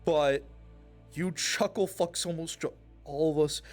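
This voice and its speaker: A man recapping a roleplay night with loud, profane, animated storytelling. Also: measured pace, soft background music. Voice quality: swears freely, gets loud and high when quoting. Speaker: roleplay streamer recapping his character's night.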